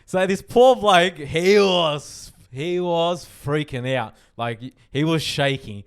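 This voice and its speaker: Young man, casual podcast chat, slightly high voice, smooth clear tone, swears and laughs a lot. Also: slow pace. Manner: animated, swearing, laughing often. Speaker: podcast host telling a story.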